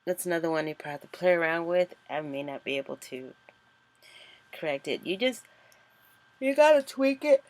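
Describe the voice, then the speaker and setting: A woman's voice: sits low, steady tone, a little fast. A woman author chatting casually and thinking aloud as she walks through a screen-recorded tutorial. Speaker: author and vlogger.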